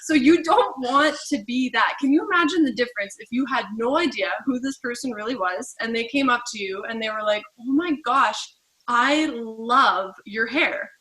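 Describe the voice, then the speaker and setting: A woman giving a casual team training talk, chatty and lively, acting out little dialogues. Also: a little high, brisk, hardly any pauses, rough recording.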